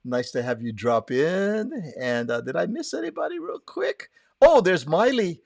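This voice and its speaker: A man's voice: high voice, sing-song, moderate pace, gravelly, dry recording, studio quality. A man from Hawaii hosting a live online show, chatting with his guest and greeting viewers by name in a friendly way. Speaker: host. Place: Southern California.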